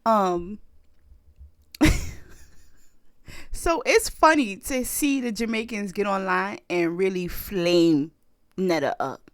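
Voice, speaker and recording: Animated woman in casual podcast chat. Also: medium pitch, drawn-out words, pauses often, no echo, studio quality. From United States. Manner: animated storytelling, laughs often. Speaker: podcast co-host.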